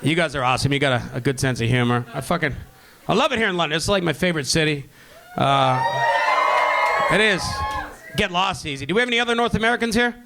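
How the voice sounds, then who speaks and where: A man's voice: a little high, creaky, a crowd in the background, noisy background. A man from Vancouver doing a profane, brash stand-up comedy set on a club stage with a handheld mic. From Vancouver, Canada. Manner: brash, profane, fast-talking.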